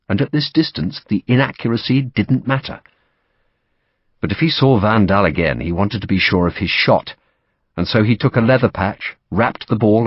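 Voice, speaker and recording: A man reading a novel aloud as audiobook narration, steady and dramatic. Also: fairly low pitch, husky, dry recording, lo-fi sound.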